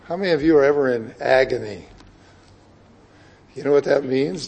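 A man preaching a sermon, reading scripture and explaining it with emphatic swings between loud declarations and hushed asides. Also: mid-range voice, normal speed, creaky, slightly rough.

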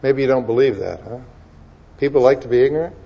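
The audio is dull, carrying a pastor's medium-pitched voice with vocal fry. Preaching his sermon, he asks rhetorical questions and climbs to emphatic peaks, quoting scripture references in rapid succession.

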